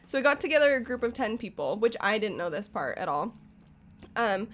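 A woman's voice: on the high side, very animated, fairly quick. A woman hosting a podcast. She tells a mystery story in a casual, enthusiastic way and laughs often. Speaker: podcast host.

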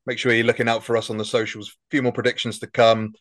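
A man's voice: mid-range voice, flat delivery, fast, fairly bright tone, no echo. A man hosting a podcast, easygoing as he puts questions to his co-host. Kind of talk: casual podcast chat.

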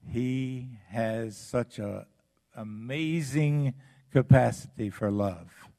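A man preaching a sermon as pastor, with dramatic swings between loud passages and hushed ones. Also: mid-range voice, very slow, gravelly.

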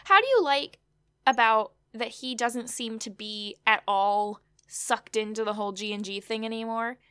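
A woman's voice: a little high, normal speed, bright, forceful tone, smooth, dry recording. A woman co-hosting a casual chat, recapping an episode with wry asides and lots of fillers. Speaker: podcast co-host.

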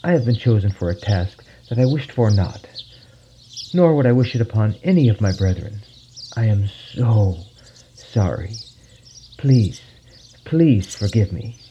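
Man doing old giant tree spirit, male, anguished, slow tearful pleading, rises higher and louder, dull lo-fi sound. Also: expressive, slight background noise.

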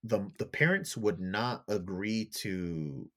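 A man's voice: on the low side, animated, takes it slowly, fairly bright tone. A man on a casual podcast, animatedly retelling a TV plot in a rambling way, full of fillers and casual swearing. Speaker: podcast co-host.

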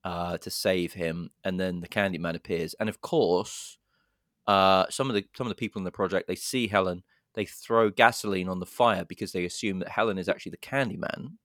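A low-voiced man speaks briskly as he co-hosts a podcast, happily narrating a horror film plot in an animated, casual way, with swearing and dramatic voices for the quotes. The studio sound is clean, with no room sound.

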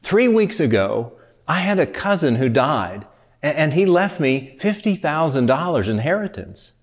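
A man playing a glum, sulky fellow from a spoken joke, who slides into a high, whiny complaint. He sounds put out by his own good luck. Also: sing-song, unhurried. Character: grown man, glum then whiny over inheritances.

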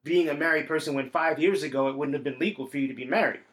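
Interviewer with a higher male voice. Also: fairly bright tone. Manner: encouraging, quick reactions and laughs. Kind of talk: casual interview.

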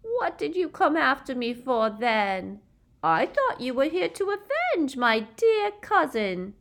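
A woman's voice: sits high, very animated, slow, a bit bright, voice pushed up, exaggerated voice. A woman voicing a cruel, gloating adult witch who taunts in a sing-song mock baby voice and shrieks. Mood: mocking baby talk.

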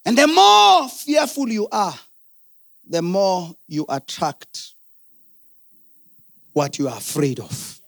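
A middle-aged man preaching a sermon, swinging from shouted, sing-song peaks to low, quiet asides. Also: expressive, slow, vocal fry, long pauses, dry recording, clean studio sound. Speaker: pastor.

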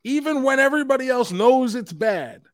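A man co-hosting a casual pop culture podcast, animated and joking, with casual swearing. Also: very high-pitched, moderate pace, no echo, clean studio sound. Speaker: podcast co-host.

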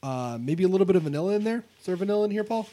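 A man with a slightly high voice, co-hosting a casual podcast chat. He jokes around and reviews drinks in an easygoing way. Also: lively intonation, racing, warm tone. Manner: casual beer and whiskey reviewing, joking. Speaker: podcast co-host.

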